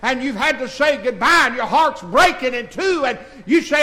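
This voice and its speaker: Male pastor in his 60s, high, ringing voice, moves between shouted preaching and near-tearful confession. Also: animated, moderate pace, hardly any pauses, low-quality recording. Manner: swings from shouted preaching to soft, tearful confiding. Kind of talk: emotional sermon. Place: church sanctuary.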